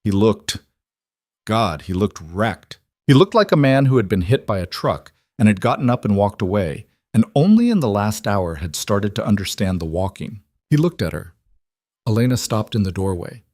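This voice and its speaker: A man reads a crime story aloud with steady, measured storytelling. His voice sits low and the sound is dry and close, with no room. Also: no room sound. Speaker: narrator. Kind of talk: scripted story narration.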